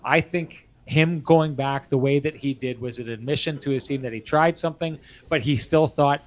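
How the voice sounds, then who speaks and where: A man's voice: mid-range voice, normal speed. A man co-hosting a hockey post-game show, talking casually with strong opinions and frequent laughter. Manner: animated, opinionated, laughs often. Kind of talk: casual sports talk. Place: bar.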